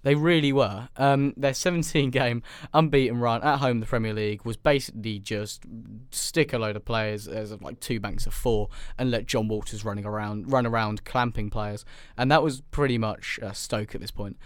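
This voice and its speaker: A man's voice: medium pitch, steady tone, normal speed, hardly any pauses, clean tone, no echo. A young man co-hosting a casual football podcast in a studio, rambling and sarcastic with lots of ums. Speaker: podcast co-host.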